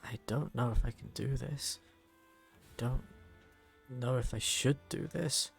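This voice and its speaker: A man voicing an excitable young woman inventor who talks in eager, loud bursts. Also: medium pitch, takes it slowly, vocal fry, faint music behind. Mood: anxious. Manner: eager, exclamatory.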